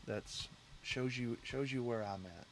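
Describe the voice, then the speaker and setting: A man's voice: medium pitch, a little slow, slight background noise. A man hosting a casual livestream, rambling and talking straight to his chat viewers from a home setup. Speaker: livestream host.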